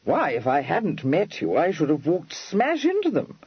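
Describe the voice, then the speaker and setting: A man voicing an amiable young Regency gentleman in an audiobook, drawling in clipped, slangy phrases with unhurried patience. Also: a little high, huge pitch swings, slightly rough, no room sound, muffled recording, pitched above the performer's own voice, full character voice. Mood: startled.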